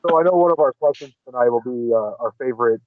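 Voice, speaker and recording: A man chatting as a podcast guest, relaxed and talkative. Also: mid-range voice, fast, dry recording. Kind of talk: casual chat. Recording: dull, lo-fi sound.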